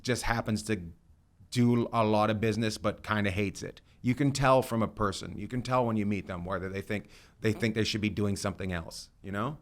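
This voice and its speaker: A man's voice: lowish voice, a little fast. A middle-aged man hosting a podcast, chatting in a rambling, joking, self-deprecating way. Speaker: podcast host. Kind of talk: casual chat.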